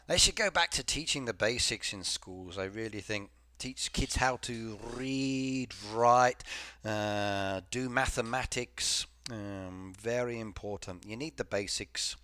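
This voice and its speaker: A man's voice: mid-range voice, bright, forceful tone, dry recording. A man chatting casually with viewers on a game live stream, rambling from topic to topic and reading comments aloud. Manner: frequent fillers and repeated yeses.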